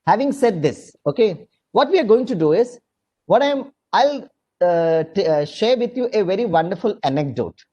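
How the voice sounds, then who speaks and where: A man with an Indian English accent giving an online lecture, telling a story and dropping into low asides. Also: moderate pace, dull audio. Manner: animated, drops to low asides, mixes Hindi phrases. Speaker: guest lecturer. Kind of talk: online lecture with a told anecdote.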